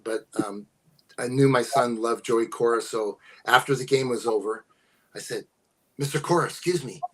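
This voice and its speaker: An older man, a podcast guest, telling personal stories in casual talk, unhurried and halting with many fillers. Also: medium pitch, steady tone, poor audio. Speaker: guest, host's father. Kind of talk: casual storytelling.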